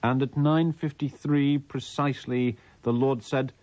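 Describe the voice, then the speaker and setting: A man's voice: mid-range voice, fairly even intonation, measured pace, darkish tone, highs cut off. A man, a radio host reading a listener's letter aloud in a mock-solemn, theatrical way.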